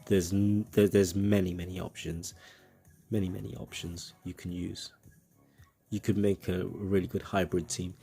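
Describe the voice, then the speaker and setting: Low gravelly British man rambling over gameplay. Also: dark tone. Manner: rambling, chatty, self-mocking asides. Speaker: game commentator. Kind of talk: casual gameplay commentary.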